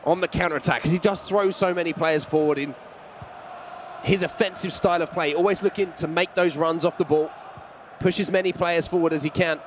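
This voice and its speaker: A man giving play-by-play commentary on an esports football match, calling the action and rising with excitement at chances. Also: a little high, brisk, slight background noise.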